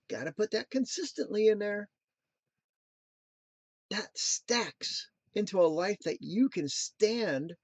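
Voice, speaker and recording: A man in his thirties hosts a casual motivational talk, with a high-pitched voice recorded dry and close. He wanders into playful, jokey tangents and then returns earnestly to his message. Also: darkish tone, breathy edge, dry recording. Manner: playful, jokey asides, sings snatches. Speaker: motivational show host.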